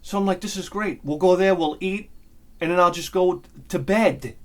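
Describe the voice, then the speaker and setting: A middle-aged man, telling a crude, animated story on his vlog, swinging between loud bursts and muttered asides. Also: high-pitched, moderate pace. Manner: crude humor. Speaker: vlogger. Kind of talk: casual storytelling.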